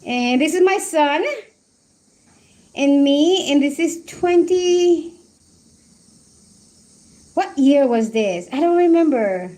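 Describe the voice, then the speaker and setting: A woman's voice: sits high, expressive, takes it slowly, pauses often, warm tone. A woman in her forties from Colombia, a livestream host chatting casually, laughing often and reminiscing while she reads the live chat.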